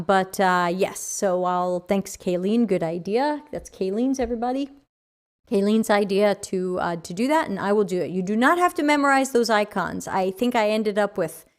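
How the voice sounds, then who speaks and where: A woman with a New York accent hosting a livestream, chatting casually and reading viewer comments aloud with frequent fillers. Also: mid-range voice. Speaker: podcast host.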